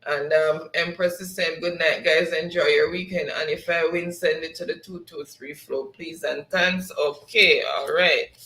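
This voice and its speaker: Jamaican male host, higher voice, laughing comment reader, roomy sound. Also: steady tone, unhurried, hardly any pauses, bright, forceful tone. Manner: laughs often, reads comments aloud in patois. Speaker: show host. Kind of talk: casual live-stream chat, reading viewer comments.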